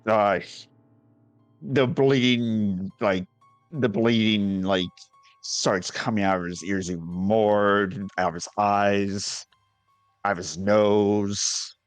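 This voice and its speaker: A man's voice: on the low side, steady tone, takes it slowly, smooth, no room sound, soft background music. A man playing a tabletop game, talking hesitantly and laughing a lot. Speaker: player.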